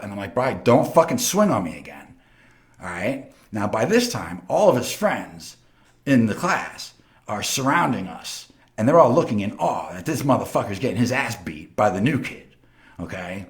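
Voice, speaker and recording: A man from Long Island with a New York accent, hosting a show and telling stories in a boastful, profane, casual way. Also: lowish voice. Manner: animated, boastful, heavily profane. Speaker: host. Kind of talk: casual storytelling.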